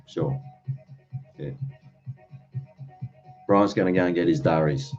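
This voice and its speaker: Music plays behind an Australian man who speaks slowly in a low-pitched voice during his late-night livestream. He rambles casually, chuckling between thoughts, and the lo-fi stream sound is dull.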